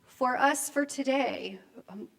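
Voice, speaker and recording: An older woman preaches in a church in a relaxed, conversational way. Her voice sits a little high, and she pauses often to let her words land. She slips in friendly asides as she goes. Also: vocal fry. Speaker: minister. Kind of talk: sermon. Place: church sanctuary.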